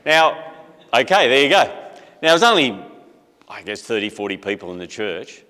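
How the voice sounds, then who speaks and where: A man's voice: mid-range voice, very animated, normal speed, bright, forceful tone, in a large hall. A middle-aged man, telling a story in a casual, conversational talk full of asides. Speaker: speaker.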